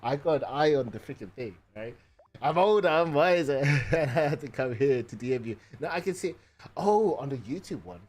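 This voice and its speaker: A man's voice: mid-range voice, lively intonation, moderate pace, a little mellow. Rambling man chatting to his stream. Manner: rambling, frequent fillers and "right?", swears. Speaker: live streamer. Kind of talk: casual chat with stream viewers.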